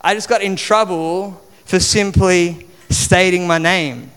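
A man gives a sermon in a loose, chatty way, dropping plenty of fillers as he goes. His voice is slightly high and notably smooth and resonant. It rings out with a long reverb from the hall around him. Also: fairly even intonation, slow pace, a bit bright. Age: 40s. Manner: conversational, chatty with many fillers. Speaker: preacher.

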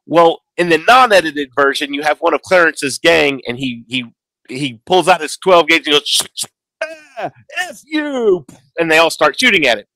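A man in his forties co-hosting a casual podcast chat, telling stories and acting out quotes with lively emphasis. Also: on the high side, moderate pace, gravelly, no echo. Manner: animated storyteller, acts out quotes. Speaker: podcast co-host.

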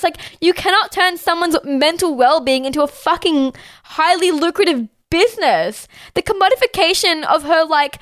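A woman's voice: very high voice, animated, moderate pace, fairly bright tone, dry recording, clean studio sound. A woman co-hosting a podcast, talking heatedly with lots of swearing and fillers. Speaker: podcast co-host. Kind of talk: casual chat.

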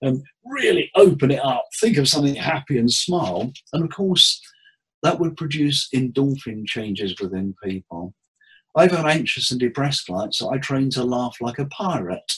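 A man, a therapist, giving tips in a relaxed interview with jokes and acted-out quotes. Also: medium pitch, normal speed, husky, low-quality recording. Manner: jokey, anecdotal, acts out quotes. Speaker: therapist and hypnotherapist guest.

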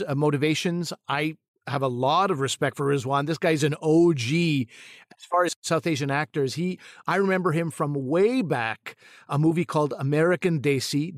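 A man's voice: a little high, dry recording, studio quality. A man who co-hosts a podcast and works as a comedic actor, talking casually and thoughtfully, often restarting his sentences as he tells a story.

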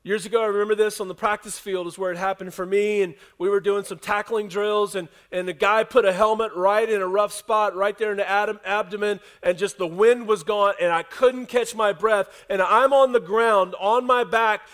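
A pastor delivering a casual, story-driven sermon to his church. His voice sits high for a man, and he shifts easily between lively telling and soft, hushed emphasis. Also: moderate pace, hardly any pauses. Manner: conversational preaching, dropping to a soft hush for emphasis. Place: church service with a congregation.

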